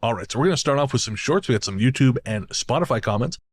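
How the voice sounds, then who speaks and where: Male podcast co-host from Canada, mid-range voice, relaxed storyteller with a laugh and a curse. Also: medium pitch, fast talker, slight background noise. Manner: storytelling, laughs often, swears casually. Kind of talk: casual chat.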